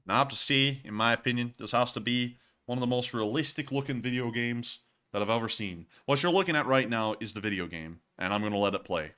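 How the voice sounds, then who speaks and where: A man's voice: mid-range voice, fast talker, bright, forceful tone, smooth. A young man in his twenties hosting a livestream, chatty and jokey, laughing often as he reads through viewer messages. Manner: jokey, laughs often, repeats "oh, man, I'm telling you". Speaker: host. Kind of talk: livestream casual chat.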